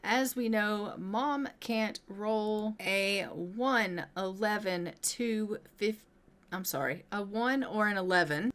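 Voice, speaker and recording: A woman talks through her life-sim game in a relaxed, chatty way, explaining each step as she goes. Her voice sits at an ordinary middle pitch, and she slips into quick asides for her characters. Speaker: gameplay narrator. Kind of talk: casual let's-play commentary.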